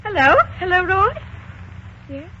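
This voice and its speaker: A tender young woman in love, high voice, 1940s radio acting, muffled recording, loud hiss. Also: measured pace, exaggerated voice. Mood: distressed.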